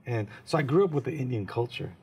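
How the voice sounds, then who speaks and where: A man from San Francisco, a comedian, telling comic stories as an interview guest in an animated, joking way. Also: mid-range voice, quick pace, slightly rough. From San Francisco, USA. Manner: animated, jokes and slips into impressions.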